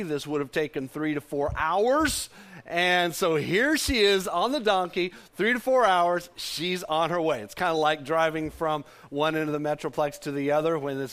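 A man preaching a lively sermon in a high, animated voice. His pitch swings widely as he leads the congregation, repeating lines for them to echo back. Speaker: pastor.

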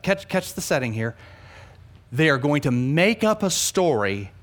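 A man preaching a sermon, animated, swinging between loud emphasis and hushed asides, often repeating words for emphasis. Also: on the high side. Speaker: pastor.

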